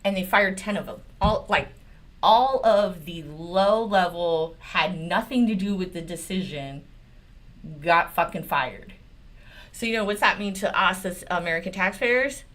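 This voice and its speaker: A woman's voice: fairly low pitch, measured pace, fairly bright tone. A woman lawyer hosts her own commentary channel. She rants about politics in a blunt, sarcastic voice, swears often, and mocks the people she talks about with open exasperation. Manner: mocking and exasperated. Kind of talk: profane political commentary rant.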